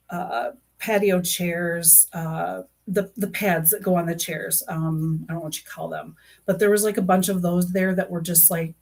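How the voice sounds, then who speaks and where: A woman streaming live, talking in a loose, rambling way packed with "um" and "you know". Her voice sits a little low for a woman. She sounds earnest and emotionally invested as she chats. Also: a little mellow. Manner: rambling, heavy fillers and restarts. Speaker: YouTube true crime streamer. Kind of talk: casual live-stream chat.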